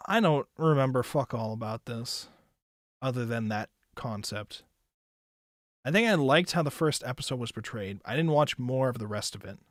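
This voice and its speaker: A man's voice: medium pitch, lively intonation, moderate pace, no room sound, studio quality. A young man giving casual, rambling anime commentary, loose and chatty, with lots of filler words and swearing. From United States. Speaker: anime reviewer and streamer.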